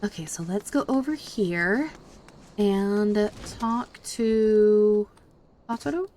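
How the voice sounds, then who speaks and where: A woman's voice: mid-range voice, slow pace, warm tone, a little hiss or hum. Giggly woman streamer chatting through a game. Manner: giggly, stumbles over words. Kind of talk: casual gameplay commentary, reading dialogue aloud.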